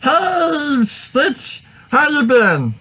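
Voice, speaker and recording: A high, raspy little alien critter, cheeky and mischievous, for a casual home vlog. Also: male voice, sing-song, extremely slow, bright, forceful tone, exaggerated voice. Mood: chummy. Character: small mischievous male alien creature.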